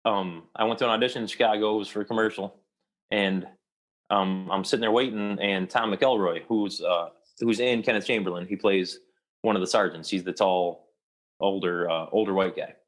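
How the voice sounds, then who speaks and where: Deep-voiced man telling a story. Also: fairly even intonation. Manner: rambling, with many restarts and pauses. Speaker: actor and interview guest. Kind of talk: casual storytelling interview.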